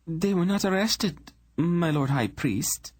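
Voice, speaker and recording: A man's voice: on the high side, animated, slow, pitched above the performer's own voice. A man voicing a stern young queen who gives cold, clipped royal commands. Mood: icy command.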